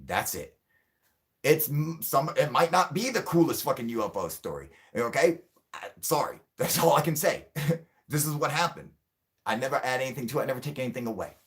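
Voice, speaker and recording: A man's voice: mid-range voice, very animated, fairly quick. A man hosting a livestream, ranting angrily and swearing a lot as he answers the chat. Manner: angry, profane, ranting. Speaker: channel host.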